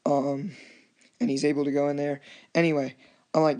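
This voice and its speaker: With a mellow, fairly high voice and flat delivery, this man comments on his strategy match at normal speed, pausing often. He rambles, frequently starts over, and plays out quoted chats with other players.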